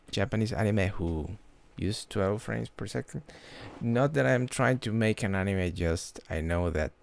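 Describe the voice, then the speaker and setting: Deep gravelly guy, slow and halting, keeps restarting words on his stream. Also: a little mellow. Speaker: livestream host. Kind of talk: casual livestream chat.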